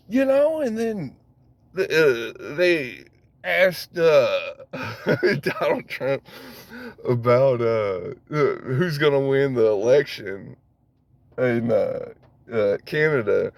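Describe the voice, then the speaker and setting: Slow-talking man on a profane rant. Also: on the high side, animated, vocal fry, no echo. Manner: rambling, swears heavily, laughs at himself.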